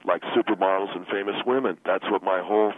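A man's voice: sits low, fairly even intonation, fast. A man in his twenties, a caller to a radio show, bragging and breathing heavily on the phone. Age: 20s. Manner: boastful, heavy breathing. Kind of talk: call-in radio chat. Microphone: telephone. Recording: tinny phone line.

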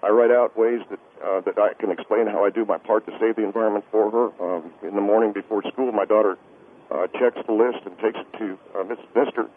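A man's voice: on the low side, steady tone, a little fast, a little hiss or hum, pitched below the performer's own voice, natural voice. A man doing a stammering flustered father on the phone. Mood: anxious. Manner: stammering, hesitant, many uh's. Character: flustered middle-aged father, anxious radio guest. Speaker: guest on phone. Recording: tinny phone line.

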